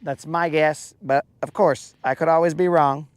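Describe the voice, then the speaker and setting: A man's voice: on the high side, steady tone, moderate pace, smooth, dry recording. A man hosting a live fishing stream from a boat on a lake, chatting casually with his viewers in a rambling, jokey, self-mocking way. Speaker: fishing livestream host.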